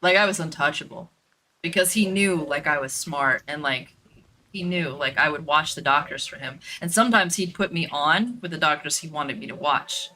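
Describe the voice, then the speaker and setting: A woman's voice: low voice, normal speed, sharp tone, slight background noise. A woman telling a story in a blunt, profane, casual way while streaming a game, with lots of fillers and repeats.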